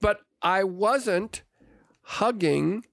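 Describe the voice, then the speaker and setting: Older male co-host, gravelly and a bit high, earnest storyteller, close dry mic. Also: lively intonation, very slow, a bit bright, no room sound. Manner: earnest storyteller, reflective and confessional. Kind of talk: casual podcast conversation.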